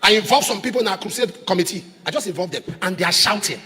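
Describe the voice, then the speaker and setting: A man preaching a sermon as a pastor, emphatic, repeating phrases and rising to shouts. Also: high-pitched, animated, fast, breathy edge, in a large hall. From Nigeria.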